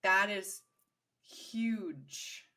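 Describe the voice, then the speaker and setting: Woman host, bright voice, affirming and conversational. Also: mid-range voice, extremely slow. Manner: affirming, speaks of spiritual guides. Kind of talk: casual interview chat.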